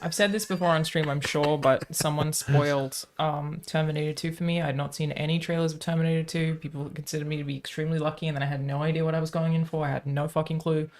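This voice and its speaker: A woman streaming a game, chatting casually and telling stories in an animated way, swearing freely. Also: low voice, quick pace, few pauses, a little hiss or hum.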